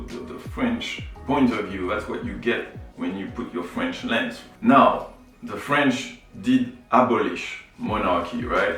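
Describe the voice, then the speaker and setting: A man from Martinique talks through his ideas in a relaxed, explanatory vlog, often checking in with the listener. His voice sits fairly low and carries a strong echo. He sounds set back from the mic, with faint music underneath. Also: distant mic. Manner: explanatory, repeats "right?" and "you know". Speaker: photography YouTuber. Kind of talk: reflective vlog talk.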